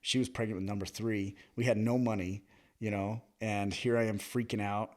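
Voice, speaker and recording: A man's voice: lowish voice, moderate pace. A man in his thirties, a podcast guest, casually telling stories and acting out the dialogue, with frequent laughs. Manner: animated, acts out quoted dialogue, laughs often. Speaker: podcast guest, military veteran. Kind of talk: casual storytelling chat.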